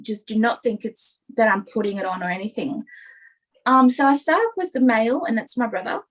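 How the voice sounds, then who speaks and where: A woman's voice: a little high, brisk, poor audio. A young adult woman talking openly as a podcast guest, rambling and filling her talk with "like" and "you know". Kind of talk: casual interview chat.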